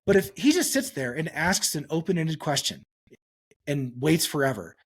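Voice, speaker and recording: A male psychologist talks through a podcast answer with animated storytelling. His voice sits a little high for a man and leaps up whenever he acts out a quote. He restarts sentences often and fills pauses as he goes. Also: breathy edge. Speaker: psychologist guest.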